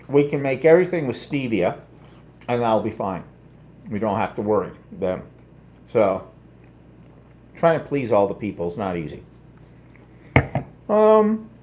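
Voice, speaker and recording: A man's voice: fairly high pitch, warm tone. A middle-aged man with a Canadian accent, hosting a casual, rambling live chat with a self-mocking humor. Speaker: host.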